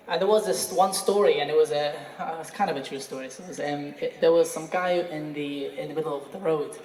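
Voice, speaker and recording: A former student giving a jokey, hesitant anniversary speech at a school event. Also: male voice, a little high, mellow, slight background noise. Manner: jokey, hesitant storytelling with fillers. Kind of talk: anniversary speech with a humorous anecdote. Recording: echoey hall, speaker far from mic.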